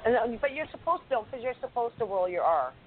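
A woman in casual chat on a wrestling show, chatty and teasing and quick to laugh. Her voice comes over a tinny phone line with a faint hiss. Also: on the high side, sing-song. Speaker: podcast co-host.

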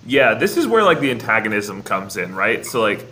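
A man's voice: fairly low pitch, big pitch swings, moderate pace, bright, forceful tone. A man co-hosting a podcast in casual chat, laughing often and swearing freely. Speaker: podcast co-host.

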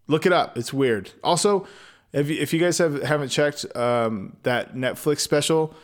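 A man's voice: mid-range voice, a little slow. A man reading a fairy tale aloud, breaking off into rambling, profane comic asides. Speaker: storyteller.

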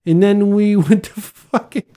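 A man's voice: high-pitched, steady tone, unhurried, dark tone. A man in casual conversation, laid-back, laughing often and swearing freely. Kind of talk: casual podcast chat.

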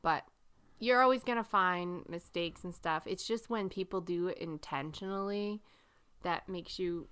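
Middle-aged woman podcast co-host, bright and smooth, laughs through her stories. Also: lowish voice, unhurried. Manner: animated storyteller, laughs often. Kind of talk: casual chat.

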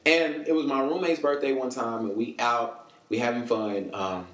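A man's voice: mid-range voice, moderate pace, reverberant. A man from the States, a podcast guest telling stories in casual chat and acting out what others said. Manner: animated storyteller, acts out quoted voices.

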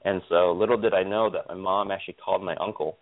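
Low-voiced man telling stories by phone. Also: fast. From Stockton, California. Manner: animated, repeats words, many fillers. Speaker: guest, optometrist. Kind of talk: casual interview storytelling. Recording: tinny phone line.

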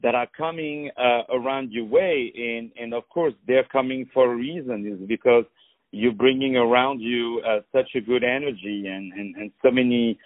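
A man hosting a radio interview, effusive and flattering, often halting on repeated words and fillers. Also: medium pitch, no room sound. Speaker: radio show host. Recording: dry, tinny phone-quality sound.

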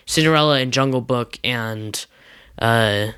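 A man's voice: medium pitch, a little slow, fairly bright tone, clear, resonant tone, dry recording, studio quality. A young man co-hosting a casual podcast, chatting and reading out news items. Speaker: podcast co-host. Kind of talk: casual chat.

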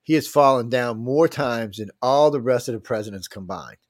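Rambling talk host, dry sound. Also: male voice, mid-range voice, moderate pace, no echo. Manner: rambling, boastful, swearing, with frequent restarts. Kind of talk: casual talk podcast rant.

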